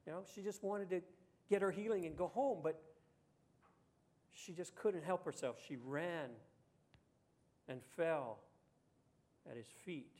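A man's voice: measured pace, long pauses, darkish tone. A man preaching a sermon in a conversational way, asking the audience rhetorical questions and acting out the voices he quotes. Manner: acts out quoted voices with pitch jumps. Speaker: pastor.

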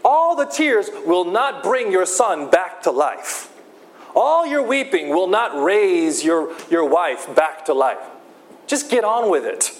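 A man's voice: sits high, very animated, slow, exaggerated voice. A man voicing a brusque person who tells a mourner to stop crying and move on, in an impatient, scolding tone. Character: brusque man dismissing grief.

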